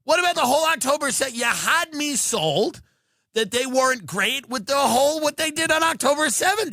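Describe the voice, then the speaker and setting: Ranting, incredulous man with lively pitch. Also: normal speed, no room sound, clean studio sound. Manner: incredulous, ranting, mocks others in put-on voices. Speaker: podcast host. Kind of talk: comedic rant.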